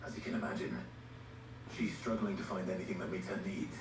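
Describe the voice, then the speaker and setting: A man playing a calm, earnest swordsman, low voice. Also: a little fast, noisy background, lightly acted. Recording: echoey game audio from a TV, heard from far off.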